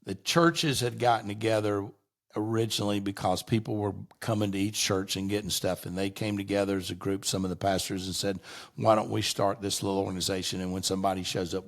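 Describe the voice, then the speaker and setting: A man's voice: deep voice, little pitch movement, a little fast. A middle-aged man, a guest on an interview show, telling long rambling anecdotes in a casual way and often restarting his sentences.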